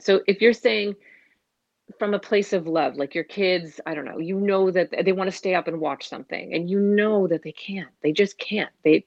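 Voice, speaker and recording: A woman speaking about parenting in an earnest, animated, conversational way, sometimes acting out the voices of parents and children. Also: fairly low pitch, no echo, highs cut off. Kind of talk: casual conversational explanation.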